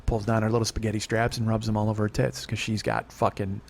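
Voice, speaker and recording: A middle-aged man hosting a podcast, ranting in a loud, heavily profane comedic style and laughing at his own jokes. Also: lowish voice, level tone, quick pace, gravelly. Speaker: podcast host.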